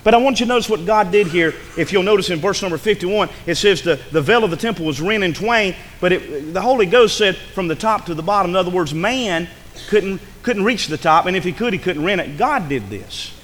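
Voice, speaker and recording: A man preaching a sermon, dramatic, dropping to a hush and rising to a shout. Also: sits high, animated, a little fast, in a large hall, a little hiss or hum.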